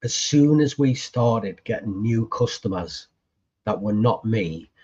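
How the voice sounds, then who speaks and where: A man talks in a relaxed, chatty way on a podcast, swearing freely and acting out old conversations line by line. His voice is warm and mellow with a husky edge. The audio sounds dull and lo-fi. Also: lowish voice, takes it slowly. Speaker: podcast co-host appearing as guest. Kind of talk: casual storytelling chat.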